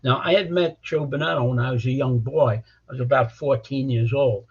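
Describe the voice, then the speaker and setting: Telling stories in an interview, an older male criminal defense lawyer talks bluntly and a little fast, in a steady, mid-range voice that's darkish and slightly rough. He often repeats words at the start of sentences. The audio is dull and lo-fi.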